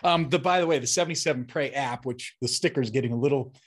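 A man with a husky, slightly breathy voice tells stories in a relaxed interview. He is animated and chuckles as he goes, slipping into the voices of the people he quotes. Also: medium pitch, fast. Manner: animated storyteller who acts out quoted voices, chuckles often. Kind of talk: casual storytelling interview.

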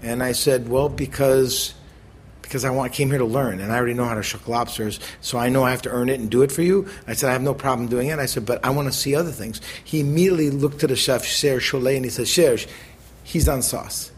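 A middle-aged American man, a chef as interview guest, telling animated stories and acting out the people he quotes. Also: mid-range voice, slight background noise. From United States. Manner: animated, acts out quoted voices, quick bursts. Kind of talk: conversational storytelling.

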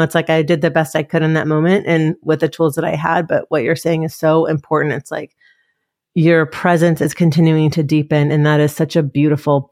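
A woman's voice: deep voice, darkish tone, no echo, clean studio sound. A woman hosting a podcast, talking in an earnest, reflective way about parenting and presence. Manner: earnest, reflective, tearful at times. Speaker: podcast host. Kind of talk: heartfelt conversational chat.

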